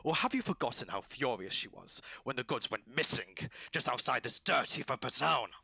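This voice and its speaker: A man's voice: medium pitch, expressive, moderate pace, creaky, pushed and bright, husky, dry recording, exaggerated voice. A man voicing a large, hot-tempered male lizard leader in a tabletop game, bossy and barking orders. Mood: indignant.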